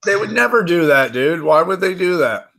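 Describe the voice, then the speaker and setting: A man's voice: high voice, animated, moderate pace, creaky, bright, forceful tone. A man co-hosting a casual chat, chiming in loosely with short reactions.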